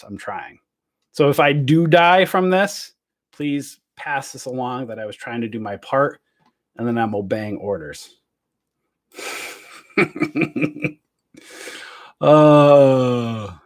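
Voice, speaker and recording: A man rambles through a casual livestream from his home, chatty and joking. He keeps asking his viewers rhetorical questions. His voice sits at an ordinary middle pitch. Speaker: livestream host. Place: home, in self-quarantine.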